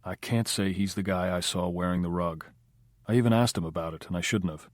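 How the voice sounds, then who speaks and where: A man's voice: sits low, steady tone, brisk, dry recording, lightly acted. A man doing a cool, dry-talking tough guy. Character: cool, unflappable male Hollywood operator.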